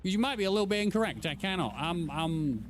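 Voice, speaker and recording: A man's voice: high-pitched, sing-song, fast talker, a little hiss or hum. A man in his thirties doing live gameplay commentary, bantering playfully and teasing his chat. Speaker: streamer.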